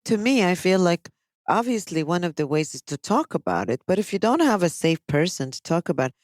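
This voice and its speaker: A woman's voice: lowish voice, brisk, dry recording. Woman psychologist explaining at length. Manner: explanatory, animated when quoting people. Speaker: psychologist host. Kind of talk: casual podcast discussion.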